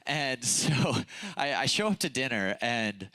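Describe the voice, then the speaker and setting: A man's voice: medium pitch, very animated, a little slow, pushed and bright, dry recording. A young man with a nasal voice from a broken nose, giving a casual, chatty youth sermon full of fillers and self-deprecating stories. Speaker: youth pastor. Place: church youth service stage.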